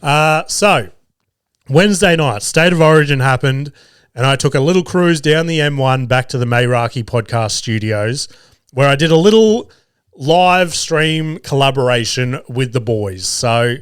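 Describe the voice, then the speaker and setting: A man's voice: medium pitch, expressive, unhurried, clean tone, dry recording, studio quality. An Australian man hosting a podcast, telling a family story in a casual, profane, laughing way. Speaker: podcast host; father of two young boys.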